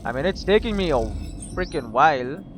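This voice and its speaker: A man's voice: a little high, expressive, a little fast, slight background noise, rough recording. A man casually commentating as he plays a video game, muttering to himself and swearing now and then. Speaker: game streamer. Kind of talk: let's play commentary.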